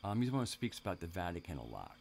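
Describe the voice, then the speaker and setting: A man's voice: deep voice, sing-song, very fast, gravelly, a little hiss or hum. A man hosting a live stream, talking casually in a rambling way, with many restarts and asides to his viewers in the chat.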